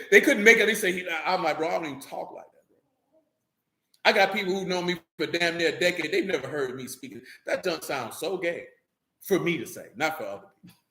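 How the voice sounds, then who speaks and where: A man's voice: high voice, pushed and bright, echoey room. A man preaching an informal sermon to his congregation, reading scripture and breaking off into loose, slangy asides.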